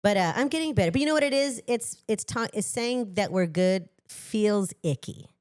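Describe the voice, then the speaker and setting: A middle-aged woman from Los Angeles, a singer chatting as a guest on a casual podcast, animated and self-deprecating, laughing often. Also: mid-range voice, normal speed.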